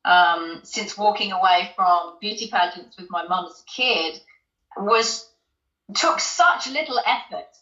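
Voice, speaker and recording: A woman from the UK tells her story as an interview guest, chatty and loose, with plenty of ums and false starts. Her voice is bright and clear-toned. The recording sounds roomy and a little dull. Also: mid-range voice, a little slow. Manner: chatty, many ums and restarts, laughs often. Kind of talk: personal storytelling in conversation.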